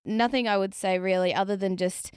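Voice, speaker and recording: Blunt female guest, clear smooth tone, dry mic. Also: mid-range voice, fairly even intonation, brisk, darkish tone, dry recording. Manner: blunt, dismissive. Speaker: podcast guest. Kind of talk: casual review chat.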